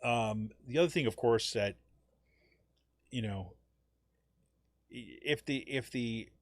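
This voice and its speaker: A man's voice: mid-range voice, slow, dry recording, studio quality. A man hosting a political podcast, talking casually and rambling, full of "you know" and "right?" fillers. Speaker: podcast host.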